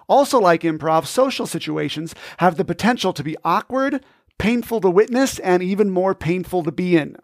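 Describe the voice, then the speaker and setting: A man's voice: high-pitched, dry recording. A man hosting a podcast, giving scripted, upbeat, instructive narration into a close mic. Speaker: podcast host.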